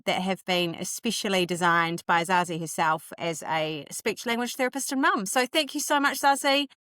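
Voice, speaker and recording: A woman's voice: lowish voice, normal speed, bright, forceful tone, dry recording, studio quality. A woman from New Zealand hosting a podcast and putting friendly questions to her guest. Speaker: podcast host. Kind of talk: interview questions.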